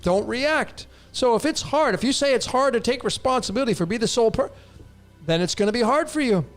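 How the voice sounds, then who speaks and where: Male host, high-pitched, blunt, repeats for emphasis, soft music underneath. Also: expressive, a little fast. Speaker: host answering viewer questions. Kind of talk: casual live-stream talk.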